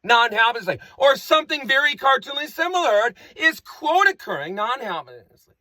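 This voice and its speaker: Brief: rambling improviser, bright, crisp voice, dry close sound, loops on his own words. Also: extremely high pitch, very animated, fairly quick, no echo. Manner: rambling, repetitive, playful wordplay. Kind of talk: improvised comic monologue.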